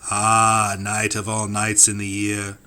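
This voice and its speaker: A man's voice: fairly low pitch, completely flat delivery, slow pace, pushed and bright. A man reading classic poems for an audiobook, with a rhythmic, incantatory delivery that sweeps up and down. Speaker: audiobook reader. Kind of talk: dramatic poetry reading.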